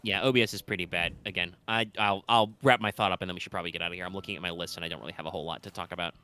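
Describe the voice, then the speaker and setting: A man's voice: low voice, fairly even intonation, rapid-fire, bright, forceful tone. A man co-hosting a live stream, talking through ideas in a rambling, analytical way. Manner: rambling, analytical, thinks aloud. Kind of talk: casual live-stream chat.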